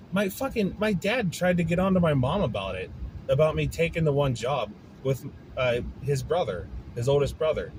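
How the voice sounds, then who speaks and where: Man, frustrated, swearing a lot, fairly high voice, car noise in the background. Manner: frustrated, profane, venting. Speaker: podcast host. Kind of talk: casual ranting monologue.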